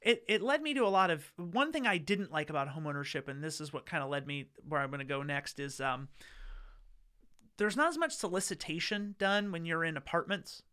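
A man's voice: fairly high pitch, lively intonation, brisk, sharp tone, clean tone. A man telling a story in casual chat, rambling and wry with lots of fillers.

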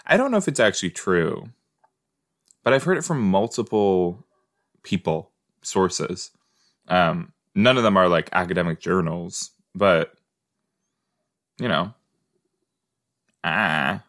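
A man's voice: deep voice, lively intonation, measured pace, pauses often, fairly bright tone. A man hosting a casual watch-along podcast, thinking aloud in a playful, rambling way with many fillers. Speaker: podcast host reacting to a TV episode.

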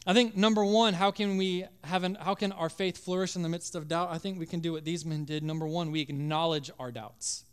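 A male pastor preaching a sermon with passion, acting out voices and dropping to a hush at times. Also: fairly high pitch, steady tone, brisk, hardly any pauses, clean tone. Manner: impassioned, acts out biblical voices, drops to hushed tones.

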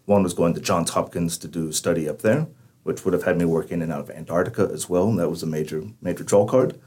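This guest on a podcast interview is a mining company's managing director, a man in his forties from Texas, USA. His voice is low-pitched and darkish, he speaks quickly and casually, and his Texan accent has a faint Irish-like lilt.

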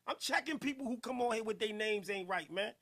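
A man hosting a podcast in casual, playful, slangy chat, giving loud shout-outs to listeners. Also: sits high, a little fast. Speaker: podcast host.

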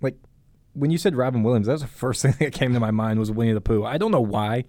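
A man's voice: medium pitch, fast talker, darkish tone, dry recording. A man co-hosting a casual podcast, joking at his own expense. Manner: self-deprecating, joking. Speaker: podcast co-host. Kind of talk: casual chat.

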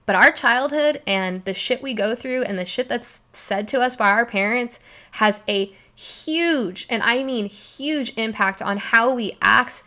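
This young woman hosts a solo podcast in a bright, forceful, somewhat high voice, unhurried yet emphatic and emotional. She swears freely in her passionate delivery.

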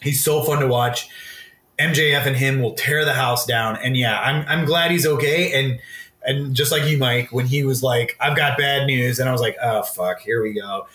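A man with a bright, forceful voice talking as a podcast co-host, loose and giggly with enthusiasm. The sound carries a roomy echo. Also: medium pitch, fairly even intonation, normal speed. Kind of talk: casual chat.

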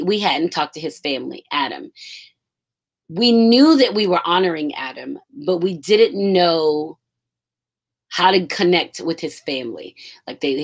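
Emotional woman telling a story casually. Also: on the low side. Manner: emotional, animated, casual with swearing. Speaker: school staff member.

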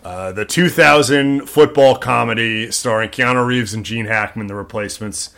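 A man's voice: medium pitch, moderate pace, creaky, a bit bright, clear, resonant tone. A young man co-hosting a podcast, chatting casually, rambling with many repeats and fillers. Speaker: podcast co-host. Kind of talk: casual chat.

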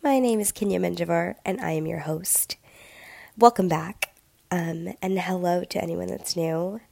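A woman's voice: a little slow, gravelly, darkish tone, no echo. A young adult woman hosting a solo podcast, speaking earnestly and reflectively with a sick voice and many ums. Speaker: podcast host. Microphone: home podcast mic with difficulties. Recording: dry, close, low-quality audio.

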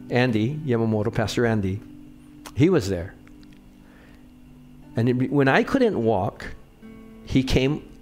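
A middle-aged male pastor preaches a sermon in a relaxed, conversational style, sharing personal stories and checking in with the congregation along the way. His voice is an ordinary middle pitch, and a soft guitar plays faintly behind him.

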